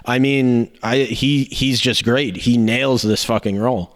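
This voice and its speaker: A man's voice: mid-range voice, steady tone, a little slow. Young man in casual podcast chat. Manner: rambling, laughs often, swears casually. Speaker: podcast host. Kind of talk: casual movie review chat.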